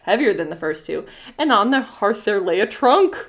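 Lively young woman reading a folktale aloud. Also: medium pitch, moderate pace. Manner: lively, amused, reads with playful character voices. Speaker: podcast co-host reading a folktale. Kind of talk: casual chat with story reading aloud.

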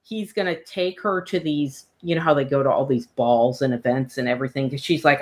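A woman chats as a podcast co-host, her voice sitting low. She tells her stories in an animated, gushing rush. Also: a little fast. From New York. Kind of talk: casual chat.

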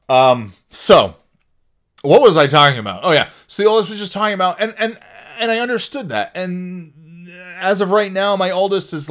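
A man's voice: a little high, a bit bright. Rambling, swearing middle-aged man. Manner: rambling, self-interrupting, laughs often, swears casually. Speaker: podcast host. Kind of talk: casual chat.

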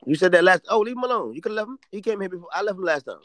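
A man's voice: high-pitched, expressive, rapid-fire, a bit bright, no room sound. A man co-hosting a live talk show, joking and ranting in profane casual banter. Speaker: podcast co-host.

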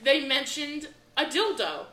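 A young woman co-hosts a casual chat show, telling stories with lots of swearing and animation. Her voice sits high and sounds bright and sharp. The room around her is audibly echoey. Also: a little slow. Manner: profane, animated storyteller. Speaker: podcast co-host.

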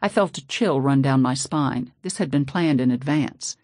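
Low-voiced woman narrating an audiobook. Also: normal speed, a little mellow, no echo, clean studio sound.

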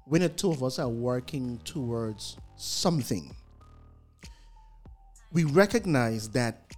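A man's voice: mid-range voice, a little mellow. A man co-hosting a casual group chat show, laying out his point in a preachy way. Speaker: podcast co-host.

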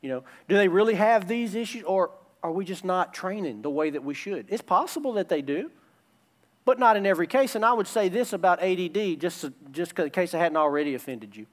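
A man's voice: sits high, lively intonation, fairly quick. A man preaching a sermon as a pastor, emphatic and returning again and again to his key phrases.

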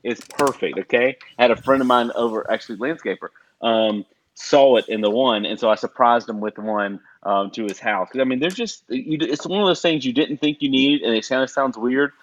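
A man's voice: medium pitch, a little fast, few pauses, no room sound. Chatty man reading dad jokes. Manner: chatty, laughs at his own puns. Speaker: co-host reading listener jokes. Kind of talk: casual radio-style chat. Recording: dull lo-fi audio.

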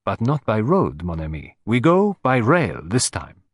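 A man's voice: on the low side, huge pitch swings, no echo, exaggerated voice. A man putting on Hercule Poirot, precise and ironic. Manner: precise, measured, lightly ironic. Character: fussy, precise male Belgian detective, middle-aged.

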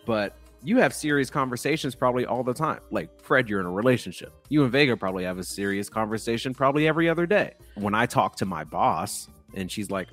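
Animated, joking podcast host man. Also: medium pitch, fast, soft background music. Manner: joking, animated, often laughing. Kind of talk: casual chat.

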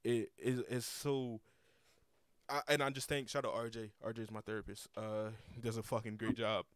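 A man's voice: mid-range voice, level tone, normal speed, clean tone, no echo. A young man hosting a casual podcast, rambling with lots of repeated words and cursing freely. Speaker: podcast host.

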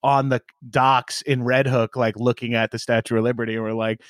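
A man's voice: mid-range voice, level tone, a little fast, dry recording, studio quality. A comedian in his late thirties from Long Island, rambling and joking in a casual podcast chat and acting out quoted voices with laughs. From Long Island, New York. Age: 30s. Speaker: comedian guest.

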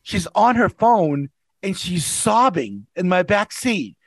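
A man's voice: high voice, slow pace, husky, dry recording. A man, a regular on a podcast, telling rideshare stories in casual chat and acting out the people in them. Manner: animated, acts out voices in his anecdotes. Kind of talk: casual storytelling.

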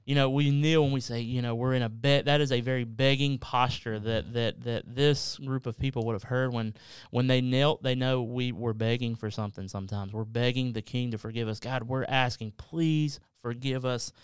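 A man's voice: mid-range voice, fairly even intonation, fairly quick, smooth, no room sound. A man co-hosting a podcast, explaining Bible verses in a casual, earnest way with everyday examples. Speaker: podcast co-host. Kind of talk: casual Bible study discussion.

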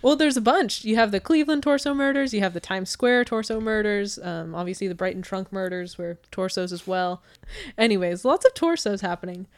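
A woman's voice: mid-range voice, lively intonation, brisk. An American woman hosting a casual true crime podcast, chatting with many fillers and laughing often. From United States. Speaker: podcast host.

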